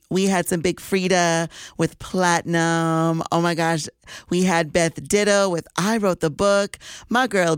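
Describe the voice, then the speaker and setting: Gushing woman radio DJ, smooth low voice. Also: no echo, studio quality. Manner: gushing, emotional and excited. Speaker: radio host. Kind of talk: radio DJ show patter. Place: radio studio. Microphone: studio microphone.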